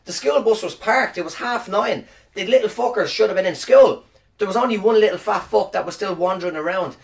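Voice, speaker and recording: A man's voice: high-pitched, a little fast, gravelly, recorded from a distance. A man telling a rambling, profane, self-deprecating story as a podcast host, recorded on a phone camera. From Ireland. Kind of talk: casual storytelling monologue.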